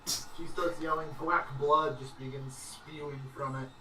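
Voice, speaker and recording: A man narrating as game master of a tabletop game, in a loose, halting way with many fillers and laughs. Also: a little high, fairly even intonation, roomy sound, far from the mic, very noisy.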